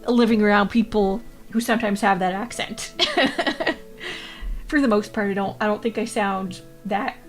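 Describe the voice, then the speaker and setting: A woman's voice: mid-range voice, normal speed, faint music behind. A woman from Canada, chatting casually with her livestream chat, rambling and laughing often. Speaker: VTuber streamer.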